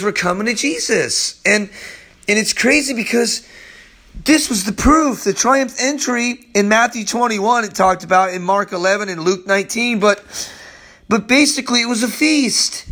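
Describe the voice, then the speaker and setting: Male pastor, high voice, a bit strained from the weather; casual, conversational Bible teaching. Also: sharp tone. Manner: loose, chatty, peppered with "man". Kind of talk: casual Bible-study sermon.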